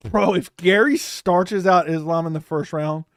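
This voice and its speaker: Excitable young man reacting to a fight. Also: high voice, a little slow, no echo, studio quality. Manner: animated, swearing, repeats himself, bursts into loud outbursts. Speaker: host reacting to a live fight. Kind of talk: excited live watch-along chat.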